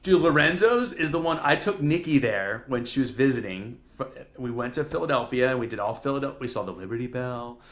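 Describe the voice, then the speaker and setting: A man's voice: medium pitch, expressive, a little fast, hardly any pauses. A man hosting a casual podcast chat, enthusiastic and full of slang. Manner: enthusiastic, says dude a lot. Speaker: podcast host.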